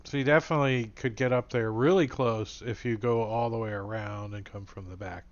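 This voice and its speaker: A man's voice: lowish voice, fairly even intonation, a little fast. Male game master, casual and rambling, muffled voice-chat audio. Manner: casual, rambling, many fillers. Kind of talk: narrating a tabletop game.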